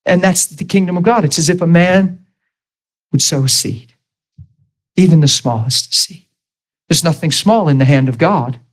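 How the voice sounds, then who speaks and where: A man's voice: on the high side, normal speed, long pauses, low-quality recording. Male preacher telling a story. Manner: storytelling, acts out dialogue with shifts in loudness. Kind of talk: sermon.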